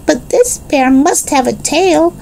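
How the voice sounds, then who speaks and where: A woman's voice: vocal fry, warm tone, a little hiss or hum, full character voice. A woman voicing a small cheerful, chatty boy in a children's storybook reading. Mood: eager, playful. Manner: high, slow childlike delivery.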